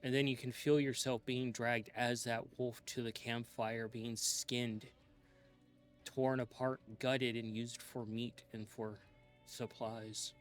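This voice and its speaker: A man slowly narrating a dark scene as game master of a tabletop role-playing game, in a hushed, drawn-out storytelling manner. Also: medium pitch, flat delivery, faint music behind.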